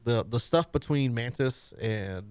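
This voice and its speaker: A man hosting a casual pop-culture podcast, relaxed and joking. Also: medium pitch, moderate pace. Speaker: podcast host.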